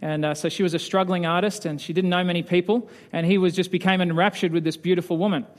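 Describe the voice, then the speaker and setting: A male preacher telling a story to a congregation in an easygoing way. He pauses often with filler sounds and speaks in a fairly high voice. Slow parts trail into softer asides. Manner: relaxed, hesitant storyteller with many fillers. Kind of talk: sermon storytelling.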